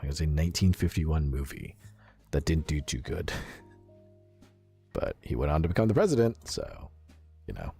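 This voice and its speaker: A man's voice: extremely low pitch, a little mellow, slightly rough. A male streamer with a stuffy nose, chatting casually with his viewers in a rambling, filler-heavy way.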